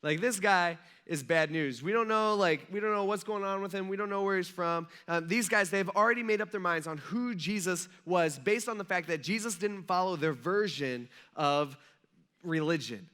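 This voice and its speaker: High, bright-voiced male pastor. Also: normal speed, clear, resonant tone. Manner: loose storytelling, retelling scripture in everyday talk with many "like"s. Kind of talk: casual conversational sermon. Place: church.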